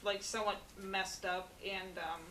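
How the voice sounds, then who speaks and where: A woman's voice: mid-range voice, little pitch movement, unhurried, a crowd in the background. A woman co-hosting a film review chat, recapping the plot with chatty asides. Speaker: film review podcast co-host. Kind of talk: casual chat. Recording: echoey room, distant mic, faint hiss.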